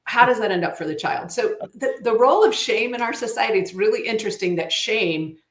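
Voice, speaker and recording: A woman's voice: on the high side, animated, brisk, echoey room. A woman chatting on a talk show in an earnest, preachy way, quoting scripture. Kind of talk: casual talk-show chat.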